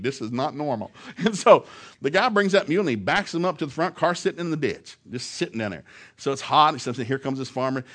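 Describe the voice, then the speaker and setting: A man telling a humorous story to an audience, animated and laughing often as he talks. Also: a little high. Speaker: speaker.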